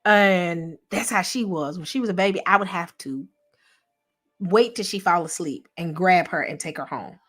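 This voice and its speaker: Soft background music accompanies this channel host's casual, heartfelt livestream, where she talks at normal speed in a lowish, gentle voice. Reading out chat comments and replying to viewers, she's reflective and occasionally lowers to a whisper.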